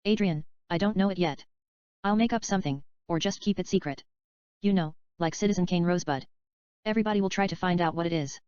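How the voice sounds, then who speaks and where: A woman's voice: on the low side, fast talker, darkish tone, clean tone, no room sound, close to an everyday voice. Adrian, a woman reading the lines of a rambling male screenwriter. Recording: dull, slightly lo-fi dry recording.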